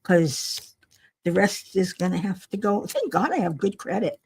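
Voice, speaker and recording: A woman's voice: medium pitch, animated, measured pace, darkish tone, breathy edge. An older woman, tired and yawning, rambling wryly to herself while she crafts at home on a livestream. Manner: rambling, self-talking, wry and chatty. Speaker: livestream host. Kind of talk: casual chat while crafting.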